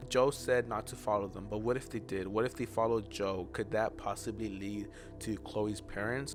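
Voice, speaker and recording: A young man casually recapping a show episode, rambling and chatty, with lots of "you know" and "like.". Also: on the low side. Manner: drops to an aside whisper now and then. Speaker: recap host. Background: background music.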